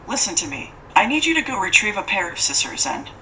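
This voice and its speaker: A woman's voice: medium pitch, very animated, fast talker, bright, forceful tone, recorded from a distance, a little hiss or hum, poor audio. A woman voicing a cold, aloof lady who means to fatten and eat a child, speaking stiffly and formally.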